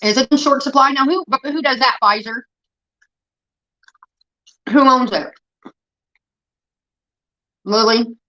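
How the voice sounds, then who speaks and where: A woman's voice: high-pitched, slow pace, pauses often, bright, forceful tone, lo-fi sound. A woman livestreaming, telling a rambling, profane story in a casual chat that keeps getting sidetracked.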